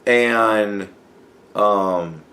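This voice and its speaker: A man's voice: fairly low pitch, extremely slow, fairly bright tone. Podcast host, male, casual and profane, stammers and restarts, plays out imagined conversations. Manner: acts out imagined dialogue. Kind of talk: casual solo commentary.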